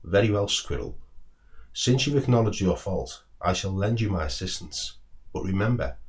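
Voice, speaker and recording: A man doing a slow, pompous old owl. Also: sits low, lively intonation. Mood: measured. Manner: measured, deliberate, clipped upper-class tone.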